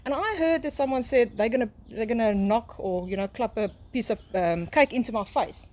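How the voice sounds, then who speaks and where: A woman's voice: fairly high pitch, brisk, a little mellow. A middle-aged South African woman with an Afrikaans accent, a guest telling stories in a casual chat and laughing often. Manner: chatty storyteller, laughing often. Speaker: guest, braai and smoking teacher. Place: outdoor garden.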